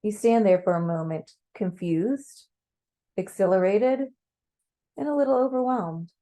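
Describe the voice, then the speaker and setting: A woman narrating a guided meditation in a slow, calm, measured way. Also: mid-range voice.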